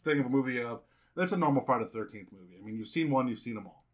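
A man's voice: mid-range voice, expressive, racing. A young man co-hosting a casual chat show, rambling and joking with frequent restarts. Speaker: podcast co-host.

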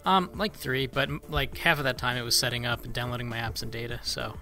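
Bright-toned male podcast guest. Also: medium pitch, steady tone, fast, soft background music. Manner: joking, hesitant. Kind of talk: casual tech podcast chat.

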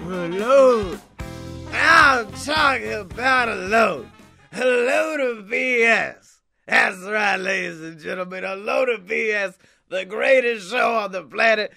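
A man playing a loud hype announcer who shouts showman patter. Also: high-pitched, slow, creaky, soft background music, pitched above the performer's own voice, heavily acted. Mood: hyped.

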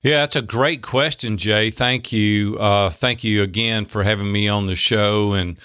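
A man's voice: fairly low pitch, fairly even intonation, unhurried, sharp tone, clear, resonant tone, no room sound, clean studio sound. Friendly man with a Southern drawl. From Nashville, USA. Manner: friendly, easygoing, chuckling. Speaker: guest, life coach and businessman. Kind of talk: podcast interview.

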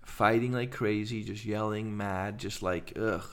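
A middle-aged man with an English accent, a podcast guest telling his story in fast, animated run-on sentences. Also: fairly low pitch, clear, resonant tone. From England. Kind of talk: casual conversation.

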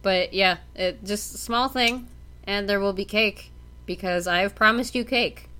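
A Canadian woman co-hosts a podcast in casual conversation, giggling often and restarting her sentences. Her voice is mid-range with a sharp tone, and she speaks at a measured pace.

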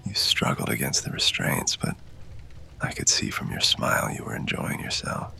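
A man narrating in first person as a winged fae lover, in a whispered role-play with close, intimate, breathy delivery. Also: moderate pace, sharp tone, slight background noise.

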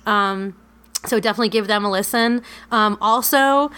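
A woman's voice: medium pitch, moderate pace, sharp tone, smooth. A woman co-hosting a podcast, chatting casually and rambling, swearing freely and laughing often. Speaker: podcast co-host. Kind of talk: casual podcast outro chat.

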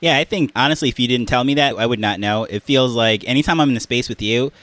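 A man's voice: mid-range voice, fast, a bit bright, dry recording. A man hosting an interview in a casual chat, friendly and laughing along. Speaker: interview host.

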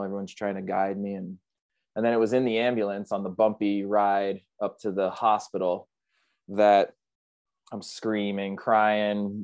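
A man with a fairly low voice tells his story as an interview guest. He talks in a vivid, earnest, reflective way. The sound is dry and close. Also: a little mellow, clean tone, no room sound. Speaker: podcast guest, big wave surfer.

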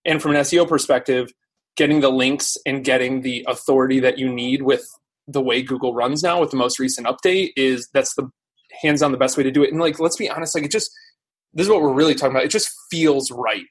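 A man as a podcast guest in casual live-stream chat, telling stories quickly and animatedly with lots of fillers. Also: mid-range voice, husky. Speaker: podcast guest, SEO teacher.

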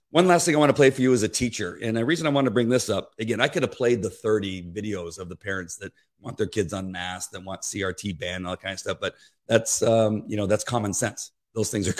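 Lowish-voiced guy rambling earnestly through his commentary. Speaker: host. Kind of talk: casual spoken commentary.

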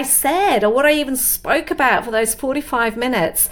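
A woman hosting an interview podcast, telling a lively anecdote before asking her question. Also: high-pitched, normal speed. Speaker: podcast host. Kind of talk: interview conversation.

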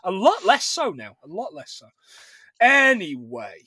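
Animated high-pitched podcast host. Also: male voice, unhurried, husky, dry recording, studio quality. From England. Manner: jokey and animated, laughs often. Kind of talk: casual film-review chat.

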